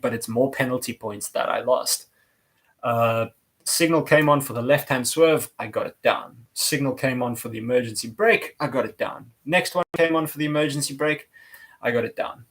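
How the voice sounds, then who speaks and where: A man's voice: medium pitch, moderate pace, fairly bright tone. Rambling, chatty male motorcycle vlogger. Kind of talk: casual storytelling vlog.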